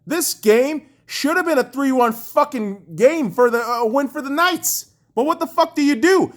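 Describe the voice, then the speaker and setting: A young man hosting a podcast, ranting angrily and profanely about his team's playoff loss, swinging between shouts and low mutters. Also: animated, a little slow. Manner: profane, furious, mocking. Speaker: podcast host. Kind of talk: angry sports rant.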